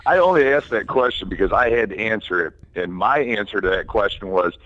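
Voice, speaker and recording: A man's voice: fairly low pitch, lively intonation, a little fast, muffled recording. A man from Michigan calling in to a live chat show, cheeky and joking. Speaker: caller. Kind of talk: casual call-in chat.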